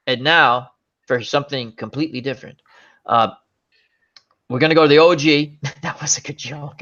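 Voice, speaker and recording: Bright lively male chat host. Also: a little high, muffled recording. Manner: rambling, joking, quick asides. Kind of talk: casual chat show.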